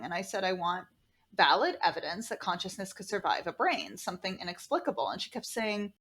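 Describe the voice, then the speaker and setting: A woman guest on a podcast, telling a story in a casual, animated way, acting out the people she quotes and swearing freely. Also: mid-range voice, a little fast, slightly rough.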